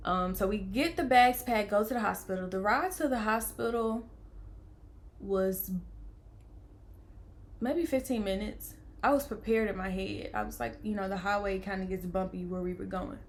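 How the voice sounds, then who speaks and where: A young woman, telling a personal story in a casual vlog, lively, playing out the voices of people she quotes. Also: medium pitch. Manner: animated, acts out quoted voices, laughs often. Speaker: vlogger telling her birth story.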